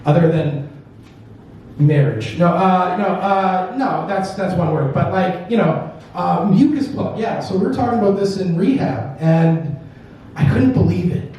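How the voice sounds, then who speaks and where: A man's voice: high voice, measured pace, warm tone, slight background noise. A man performing a stand-up set, telling rambling, crude stories with loose punchlines. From Canada. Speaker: stand-up comedian. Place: comedy club stage. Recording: roomy venue, voice from a distance.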